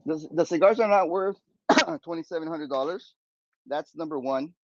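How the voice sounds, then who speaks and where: A man hosting a podcast, retelling a story in a rambling, animated way with lots of fillers and restarts. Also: a little high, normal speed, no room sound, muffled recording. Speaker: podcast host. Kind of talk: casual storytelling chat.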